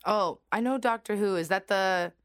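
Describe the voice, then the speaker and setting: A woman's voice: medium pitch, normal speed, smooth. A woman from Canada co-hosting a radio show, giggly and game in casual banter. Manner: giggly, game, easily amused. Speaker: radio co-host.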